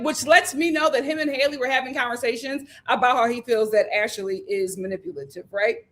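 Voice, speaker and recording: A woman hosting a casual recap vlog, telling the story in a lively way and acting out what people said, with filler ums. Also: on the high side, moderate pace. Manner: lively storytelling, acts out quotes. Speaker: host.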